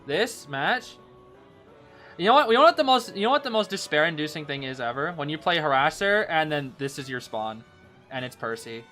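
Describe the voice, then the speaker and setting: A young man commentating live gameplay as a streamer, excitable, dropping into low groans and then breaking into sudden shouts. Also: fast talker, soft background music. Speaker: game streamer.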